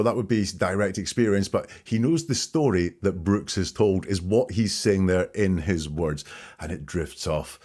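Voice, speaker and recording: A man hosting a podcast, calmly picking apart interview answers phrase by phrase. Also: sits low. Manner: measured, dissecting each phrase. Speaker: podcast host. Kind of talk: analytical commentary on interview clips.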